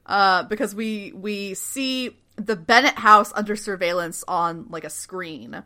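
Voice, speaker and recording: A woman co-hosting a casual show recap, animated and acting out characters in quick put-on voices. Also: mid-range voice. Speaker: podcast co-host.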